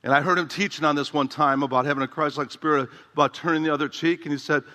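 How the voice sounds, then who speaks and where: Man, pastor; bright, slightly high voice; conversational, humorous sermon with long hall reverb. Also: fairly even intonation, fast talker. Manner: conversational preaching with humor and emphatic repetition.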